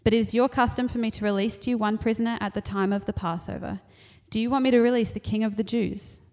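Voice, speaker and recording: A woman voicing a stern, uneasy male Roman governor while reading scripture aloud, lifting her pitch a little for him. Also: fairly even intonation, fast, darkish tone, big-room sound, close to an everyday voice. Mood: questioning.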